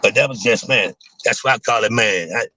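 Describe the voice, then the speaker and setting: A young adult man chatting casually to his viewers, rambling in loose slang and filling every pause with "man" and "you know what I'm saying.". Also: fairly low pitch, pushed and bright, no echo, poor audio. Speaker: vlogger talking to viewers. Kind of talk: casual livestream chat.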